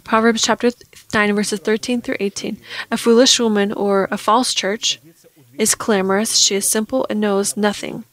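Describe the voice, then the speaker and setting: A woman preaching a sermon, reading Scripture aloud and getting loud at emphatic points. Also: medium pitch, little pitch movement, normal speed, rough recording.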